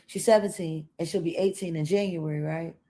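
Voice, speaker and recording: A woman co-host speaks in a low, mellow voice. She asks calm, measured questions to clear up the facts.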